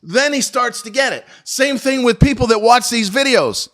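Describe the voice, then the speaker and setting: A middle-aged man delivering a profane, combative stock market rant, swinging between loud jabs and low muttered asides. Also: lively intonation, normal speed. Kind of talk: ranting market commentary video.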